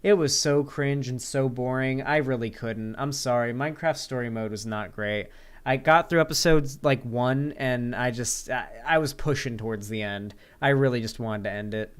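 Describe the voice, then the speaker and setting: A man's voice: medium pitch, moderate pace, clear, resonant tone. A male streamer in casual livestream chat, answering viewers aloud in a rambling, sarcastic and profane way.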